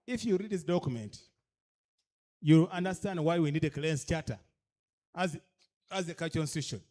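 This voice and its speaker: With a slightly fast delivery and a high, somewhat mellow voice, a man with a Ugandan accent speaks as guest speaker at a leadership orientation. Addressing cultural leaders, he is emphatic and full of rhetorical questions, alternating English with a local language.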